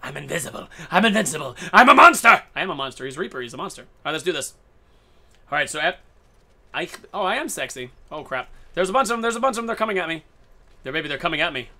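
A man live-streaming a shooter, talking in a casual and playful way as he narrates each moment. His tone is bright and a little edgy, and he jumps from excited outbursts to easy chatter with viewers. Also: a little high, fast talker. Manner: excitable, playful, jokey running commentary. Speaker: game streamer.

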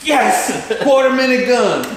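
Guy doing an overexcited shooter dude yelling, way up high, echoey room with faint hiss. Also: expressive, takes it slowly, full character voice. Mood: thrilled. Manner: shouty, jumps up high. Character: overexcited adult male shooter, thrilled.

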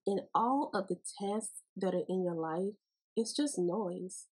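Woman podcast host, Bible teaching, folksy and playful, breathy tone. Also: mid-range voice, takes it slowly, a little mellow, rough recording.

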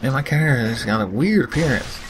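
A man's voice: mid-range voice, expressive, fast, a little hiss or hum. A young man giving casual, joking gameplay commentary with crude humor, often slipping into silly voices. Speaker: let's play host.

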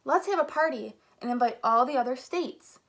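A woman's voice: sits high, lively intonation, moderate pace, a bit bright, full character voice. A woman voicing a bored, restless male state in a picture book, moaning about his dull life. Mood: eager. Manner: moaning, then eager.

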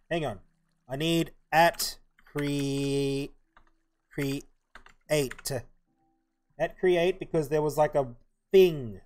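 A man doing a put-on while he plays a game on a live stream. He mutters to himself as he hunts for items and crafts. His voice sits a little high for a man. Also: darkish tone. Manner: putting on a mock accent. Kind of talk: live gameplay commentary.

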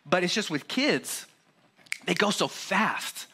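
A man's voice: high voice, lively intonation, slow pace, pushed and bright, slightly rough. A man in his forties preaching a sermon at church, chatty and joking, acting out scenes from family life. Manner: jokey and conversational, acts out his kids in a raised voice. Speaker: pastor.

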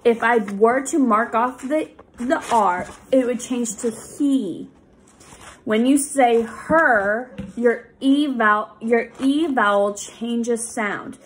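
A woman tutoring young readers, explaining reading rules patiently with many pauses and fillers. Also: on the high side, a little hiss or hum. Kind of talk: recorded lesson for students.

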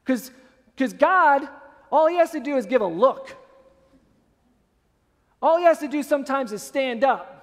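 A man, a pastor, preaching a sermon with animated storytelling, acting out scenes. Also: very high voice, a little slow, long pauses, big-room sound. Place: church sanctuary.

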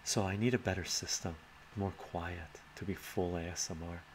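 A man's voice: deep voice, steady tone, normal speed. A man hosting a casual live stream Q&A, rambling as he reads out viewer chat and answers it, recorded on a laptop mic. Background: laptop fan hum.

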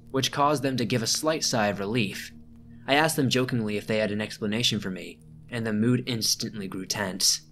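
A man reading out a first-person scary camping story as a narrator, measured and slowing down at the tense moments. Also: mid-range voice, a bit bright, slight background noise. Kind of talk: scripted narration.

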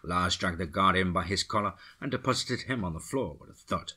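A man narrating a dark action story for a horror podcast with a steady, dramatic delivery. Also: sits low, fairly quick, husky.

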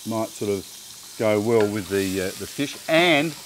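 A man co-hosting a cooking show, gushing over the food with halting fillers. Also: on the low side, lively intonation, slight background noise. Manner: enthusiastic, gushing, hesitant fillers. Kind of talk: casual cooking demonstration.

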